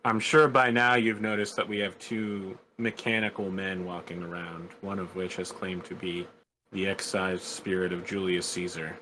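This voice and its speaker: A man's voice: low-pitched, level tone, normal speed, bright, forceful tone, a little hiss or hum, poor audio. A man voicing a blunt, businesslike male adventurer in a tabletop game, asking straightforward questions.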